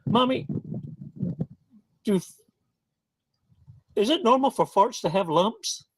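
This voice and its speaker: A man's voice: high voice, expressive, takes it slowly, background noise, voice pushed up. A man voicing a small, curious boy who innocently questions his mother while telling a joke. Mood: earnest.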